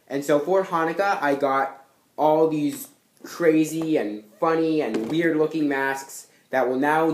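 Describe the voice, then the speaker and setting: A man's voice: medium pitch, slight background noise. A young man talking casually to camera as a comedy channel creator, upbeat and chatty. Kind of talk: casual vlog talk to camera. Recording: roomy echoing room.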